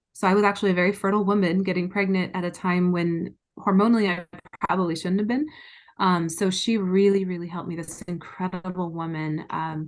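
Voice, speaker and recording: Female guest, middle-aged, lower-pitched, frank and emotional storyteller. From United States. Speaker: interview guest. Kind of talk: candid personal storytelling.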